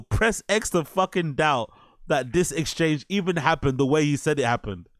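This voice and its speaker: A man delivers reaction commentary on a podcast clip, incredulous and mocking, with plenty of swearing. His voice sits a little high. The sound is dry and close, with no room around it. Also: lively intonation, normal speed, dry recording.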